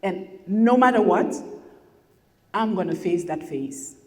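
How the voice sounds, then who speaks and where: In a hotel event room with long hall reverb, a woman leads a masterclass, speaking candidly and emotionally about personal matters to an audience. Her medium-pitched voice is animated and slow, and she often repeats phrases for emphasis.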